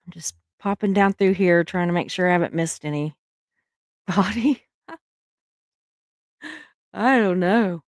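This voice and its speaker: A middle-aged woman with a Southern US accent, hosting a casual livestream chat. She talks warmly to her viewers and laughs often. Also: lowish voice, no room sound, clean studio sound. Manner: chatty, laughs often, drawn-out words. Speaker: livestream host.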